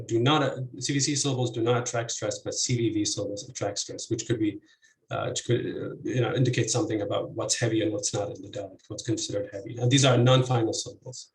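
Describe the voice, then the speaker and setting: A man of middle pitch presents an academic talk, walking through examples on slides. He hesitates often and fills pauses with "uh" and "um." The recording carries a noticeable room echo. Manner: hesitant, many fillers, explains slide examples.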